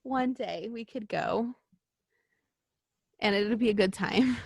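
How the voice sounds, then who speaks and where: A woman co-hosting a podcast in casual chat, excitable and gushing, swearing freely. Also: medium pitch, takes it slowly, gravelly, slightly rough, no room sound, clean studio sound. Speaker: podcast co-host.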